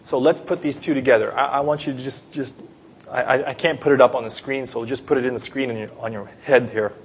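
A man preaching at a baptism, earnest, swinging from quiet teaching to loud pleading prayer. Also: mid-range voice, fairly even intonation, fast, a little hiss or hum. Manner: earnest, rises to loud pleading prayer then drops soft. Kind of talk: sermon.

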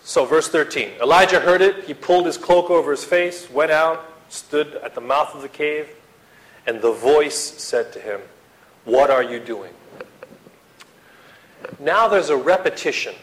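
A man preaching a sermon to his congregation, swinging from loud dramatic outbursts to hushed appeals and acting out the quotes he reads. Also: on the high side, measured pace, long pauses, low-quality recording. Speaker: pastor.

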